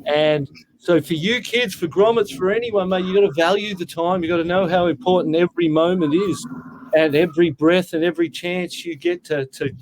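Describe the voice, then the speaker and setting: A man's voice: high-pitched, steady tone, fairly quick, slight background noise. A sixty-year-old Australian man telling stories in a casual interview, talking in an earnest, heartfelt way and often calling the listener mate. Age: 60s. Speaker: guest.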